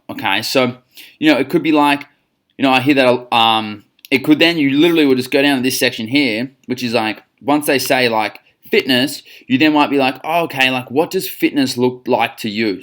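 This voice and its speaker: A man's voice: mid-range voice, fairly bright tone. Upbeat Australian man coaching sales calls. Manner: upbeat, coaching, acts out both sides of calls. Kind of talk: instructional talk on phone sales.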